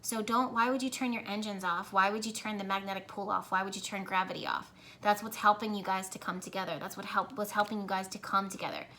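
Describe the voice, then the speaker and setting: A woman's voice: medium pitch, steady tone, fast talker, few pauses, pushed and bright. A woman giving a casual spiritual tarot reading, earnest and encouraging, rambling with restarts, recorded on a camera mic at home. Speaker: tarot reader.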